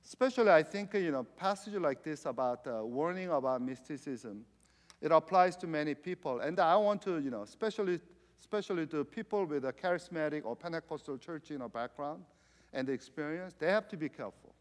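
A man's voice: a little high, lively intonation, fairly quick, long reverb tail. A man preaching a sermon in conversational style. He leans on "you know" fillers and uses loose, non-standard English grammar. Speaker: pastor.

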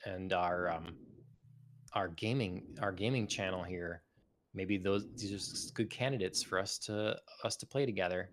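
A man co-hosting a gaming podcast, talking in a relaxed, rambling way with many fillers. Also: low voice, moderate pace, slight background noise. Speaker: podcast co-host. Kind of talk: casual gaming chat.

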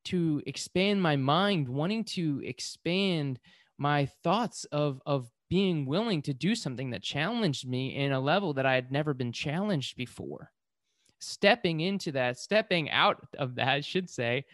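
A man telling a personal story in an animated motivational monologue, with lots of fillers, acting out his own excited screams. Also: fairly high pitch, unhurried, no echo, clean studio sound.

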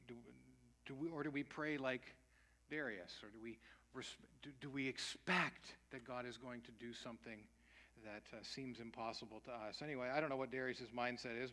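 A man's voice: medium pitch, bright, forceful tone. A man preaching a sermon, mixing emphatic points with rhetorical questions and casual asides. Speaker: pastor.

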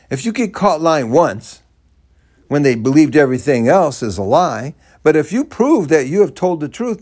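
An older man telling a first-person story aloud in an animated, dramatic way. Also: mid-range voice.

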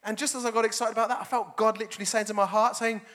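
A man preaching a sermon as pastor, animated and jokey. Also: sits high, rapid-fire. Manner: animated, jokey, laughs often.

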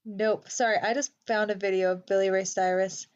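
A young woman co-hosts a podcast in casual chat, at a middling pitch. She talks emphatically and exclaims often, and her voice comes through slightly dull and lo-fi. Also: fairly even intonation, brisk, a little mellow. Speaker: podcast co-host.

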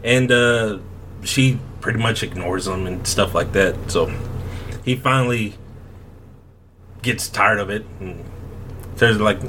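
A man hosting a podcast, telling a story in a rambling, halting way with frequent laughs. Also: on the low side, fairly even intonation, a bit bright, slight background noise. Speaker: podcast host. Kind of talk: casual chat.

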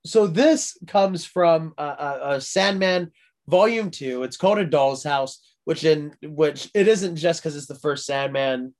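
A man's voice: fairly high pitch, a little slow. A young man in casual podcast chat, rambling through a story with many fillers and frequent laughs.

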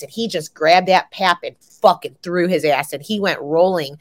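A young adult woman co-hosting a casual pop culture podcast, an animated storyteller who swears freely and jumps high in pitch when she gets excited. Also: a little fast, hardly any pauses. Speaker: podcast co-host.

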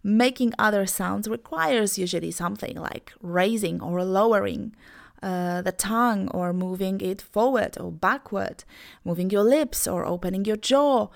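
A young woman, native in Polish, hosts an English pronunciation podcast. She sounds upbeat and encouraging. She models each sound slowly and carefully and breaks words into parts. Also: mid-range voice, vocal fry. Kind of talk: podcast lesson.

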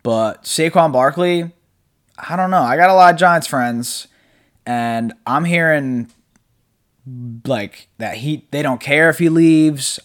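A young man talks loosely into the mic at home, hosting his own podcast. He rambles in a laid-back way, drops casual swears and laughs a lot. His pitch sits in the middle of the male range. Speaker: podcast host. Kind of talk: casual solo podcast chat. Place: apartment room at home.

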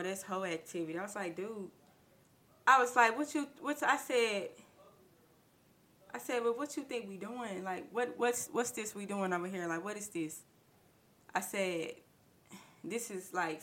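A woman speaking in spins a personal story for her podcast, stacking up quoted back-and-forth with lots of "I said" and false starts. Her voice sits a little low but has a bright, sharp edge. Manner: retells dialogue with many "I said" restarts, slangy. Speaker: podcast host. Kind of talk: casual storytelling.

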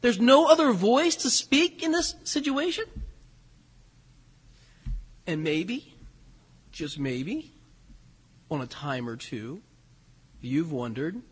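Male preacher, sermon delivery, husky, echoing church hall. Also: high-pitched, takes it slowly, long pauses. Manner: animated, rhetorical questions, voices quoted lines. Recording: long hall reverb.

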